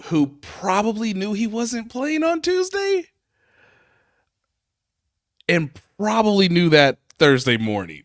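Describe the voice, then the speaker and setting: Animated, unhurried man telling stories. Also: sits high, no echo, studio quality. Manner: animated storyteller, laughs often, quotes people in voices. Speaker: sports reporter and podcast panelist. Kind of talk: casual sports podcast chat.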